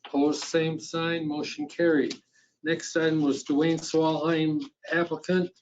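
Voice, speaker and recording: A man's voice: on the high side, level tone, a little slow, background noise. A man chairing a town board meeting, reading agenda items and long motions in a plain, procedural way with small restarts. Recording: dull, lo-fi meeting room audio.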